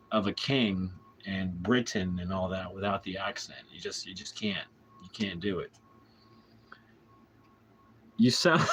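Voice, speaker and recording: Husky, laid-back American man vlogging. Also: low voice, fairly bright tone. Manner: playful, laughs a lot, rambling. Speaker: vlogger answering chat. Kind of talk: casual late-night chat.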